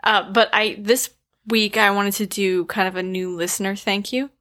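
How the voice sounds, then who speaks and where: A woman co-hosting a casual podcast, chatty and quick to laugh as she reads out listener shout-outs. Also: mid-range voice, flat delivery. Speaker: podcast co-host.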